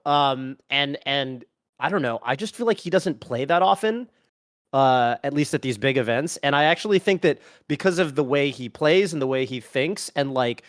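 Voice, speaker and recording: A man's voice: mid-range voice, animated, moderate pace, dry recording, clean studio sound. A man on a panel talk show, rambling and hesitant as he thinks aloud. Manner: rambling, hesitant, many fillers and restarts. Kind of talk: casual panel chat.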